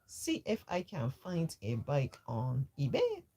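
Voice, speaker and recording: A woman's voice: sits low, huge pitch swings, takes it slowly, mellow, slightly rough, full character voice. A woman voicing a clumsy young boy who complains and protests. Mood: complaining.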